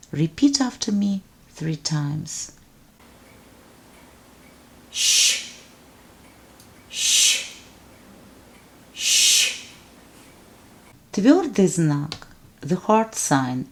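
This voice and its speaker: A woman teaching alphabet pronunciation, speaking deliberately and enunciating each sound so it can be repeated. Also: fairly low pitch. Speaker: language teacher. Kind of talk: slow instructional narration.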